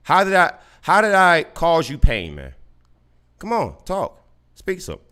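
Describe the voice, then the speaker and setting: A man hosts a podcast on a desktop streaming mic, needling a caller with repeated sarcastic questions. His voice sits somewhat high for a man and rises and falls a great deal. He restarts his sentences often, stammering over words. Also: wildly swooping pitch, measured pace, bright, forceful tone. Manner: taunting, sarcastic, repeats himself. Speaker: podcast host. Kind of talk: combative live podcast talk with a caller.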